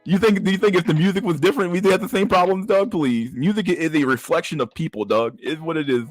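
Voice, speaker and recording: A man's voice: fairly high pitch, quick pace, no room sound, faint music behind. A man casually commenting on memes on a livestream, profane and rambling, with frequent stammered restarts. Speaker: streamer reacting to memes.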